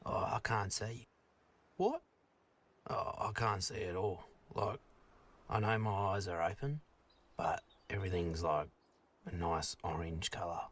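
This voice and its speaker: A confused long-necked dinosaur , as a man puts him on, dropped far below his own voice. He speaks haltingly, stammering and trailing off in slow wonder, voiced over a game playthrough. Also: low voice, a bit bright, slightly rough, exaggerated voice. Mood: dazed. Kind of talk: voicing characters over gameplay.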